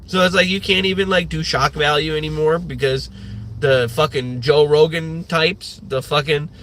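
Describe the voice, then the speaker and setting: Bright-voiced man ranting on a livestream. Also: fairly high pitch, steady tone, moderate pace, slight background noise. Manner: rambling, profane, many fillers. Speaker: livestream host.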